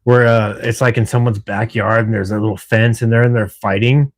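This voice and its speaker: A middle-aged man from Washington State, working a night shift, chats casually with his livestream viewers. His voice sits fairly low, holds a steady tone, and moves at a fairly quick clip. He laughs easily and swears now and then.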